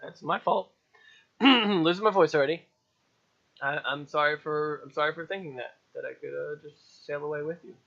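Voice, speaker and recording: Man, podcast co-host, casual chat, swears a lot, laughs easily, high bright voice, muffled lo-fi mic. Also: moderate pace, vocal fry. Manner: animated, swears freely, laughs often. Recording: dull lo-fi test microphone.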